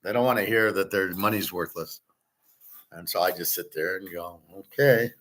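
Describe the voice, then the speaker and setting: Blunt rambling man, low voice. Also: steady tone, moderate pace, fairly bright tone. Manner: blunt, rambling, swears, answers chat comments. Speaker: host. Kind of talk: casual livestream talk on betting and gold.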